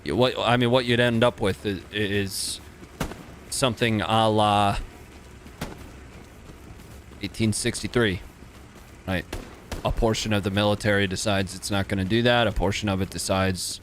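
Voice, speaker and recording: A man's voice: fairly low pitch, fairly even intonation, measured pace, pauses often, slight background noise. A man in his thirties from the United States, casually chatting with viewers while streaming a game, laid-back and chuckling often. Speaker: livestream host.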